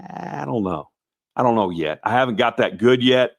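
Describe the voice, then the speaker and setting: A middle-aged man with a slightly raspy voice chats casually to viewers on a live stream. He rambles in a folksy way, restarts his sentences and keeps calling people "brother" and "guys". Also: medium pitch, animated, moderate pace. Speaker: host of a Santa performer show.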